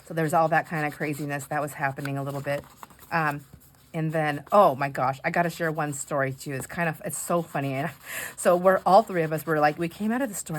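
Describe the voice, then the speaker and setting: Chatty woman craft vlogger, lowish voice. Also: slight background noise. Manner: chatty, rambling storytelling with fillers. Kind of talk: casual chat while crafting.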